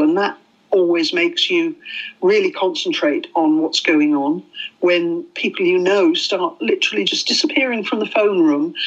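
Older lady, ex helpline volunteer, candid and reflective, dull muffled sound. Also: lowish voice. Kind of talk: interview recollection.

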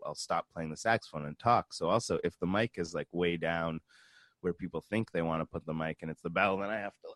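A man with a very low voice talks casually as a guest on a radio show, circling back and restarting his sentences often. The studio sound is dry and close. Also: dry recording. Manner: rambling, many restarts. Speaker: musician guest.

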